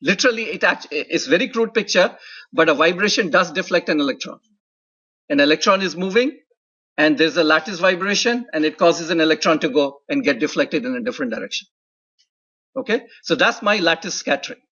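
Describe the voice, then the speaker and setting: A male university lecturer with a slightly raised, husky voice walks through ideas step by step. He keeps checking in with quick "right?" and "okay?" tags. The recording sounds dull and lo-fi. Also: fairly high pitch, animated, pushed and bright. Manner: explanatory, often adds "right?" and "okay?" checks. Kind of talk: classroom lecture.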